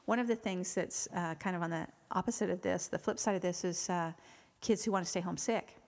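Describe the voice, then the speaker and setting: A woman's voice: on the low side, brisk, a little mellow. A middle-aged woman giving parenting advice in a conversational way, sharing personal stories and often restarting her sentences. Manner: earnest, rambling with frequent restarts. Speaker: parenting expert guest. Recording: reverberant hall with faint music.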